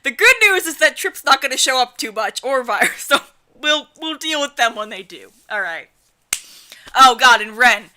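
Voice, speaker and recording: A woman's voice: high voice, lively intonation, normal speed, bright, forceful tone. A woman reading a visual novel aloud and chatting casually about character voices, with lots of fillers and laughter. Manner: rambling, filler-heavy, laughs often. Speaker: visual novel let's player. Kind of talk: casual let's play chat and reading aloud.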